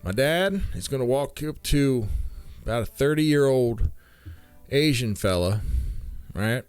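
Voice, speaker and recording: A man spins a comic family story, his mid-pitched voice swinging widely as he acts out each quote. He talks casually to his listeners. Faint guitar music plays behind him. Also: slow, clean tone. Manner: animated, acts out quotes with big pitch jumps. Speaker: storyteller comedian.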